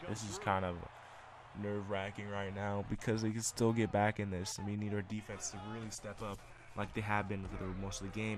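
A man's voice: on the low side, a little fast, noisy background. A man commentating his own football video game, calling plays like a sportscaster. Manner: excitable, calls plays like a sportscaster. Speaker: gamer commentating his play. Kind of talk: casual play-by-play commentary.

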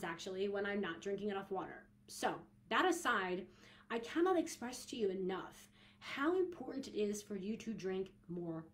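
A young woman hosts a casual podcast in a chatty, bubbly way. She giggles often and trips over her words with fillers and restarts. Her pitch sits in an ordinary middle range. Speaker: podcast host and coach.

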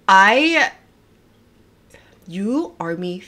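Gushing, excitable young woman livestreamer. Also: mid-range voice, drawn-out words, noisy background. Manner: gushing, excitable, swears often, trails off and restarts. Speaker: livestreamer reacting to music videos. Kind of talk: casual livestream chat.

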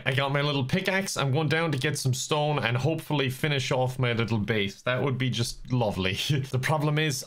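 A man's voice: on the high side, fairly bright tone. A young man commentating his own gameplay, self-mocking and breaking into laughter often. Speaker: gaming video host.

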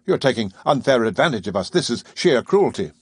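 A man's voice: medium pitch, moderate pace, no room sound, close to an everyday voice. A man voicing an earnest male professor held captive aboard a ship, speaking politely and formally in an audiobook reading.

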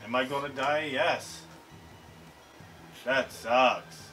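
A man hosting an anime reaction video, talking in an excitable, slangy way and swearing freely. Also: medium pitch, very slow, faint music behind. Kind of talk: casual reaction commentary. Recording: slightly distant mic, faint show audio.

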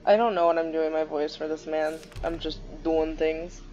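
A woman's voice: deep voice, level tone, moderate pace, few pauses, mellow. A young woman giving offhand, casual commentary while playing a video game and reading its text aloud. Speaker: let's play gamer. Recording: slightly muffled with faint game music.

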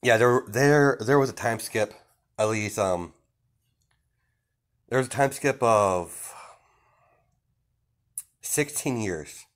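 A man's voice: mid-range voice, slow, long pauses. A man narrating a fan story in casual, improvised style, rambling with many fillers and restarts.

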